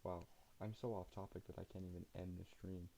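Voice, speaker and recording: A tired young man from Utah, streaming late at night and chatting casually with viewers in a relaxed, rambling way. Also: low-pitched, brisk, creaky, slight background noise, rough recording. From Utah, USA. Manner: relaxed, rambling, laughs often.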